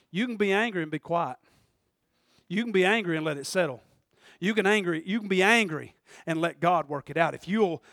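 A man with a notably high voice preaches a fiery church sermon, bursting into shouts and then dropping to quiet, chatty asides with a laugh. The sound is dry and close. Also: dry recording. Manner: passionate preaching, swings from shouting to quiet talk; laughs between points, conversational asides. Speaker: pastor. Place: church service.

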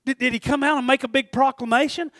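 Male pastor, very high pitch, animated folksy sermon delivery. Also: fast talker, no echo, studio quality. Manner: folksy, animated preaching with big swings from hushed to shouting.

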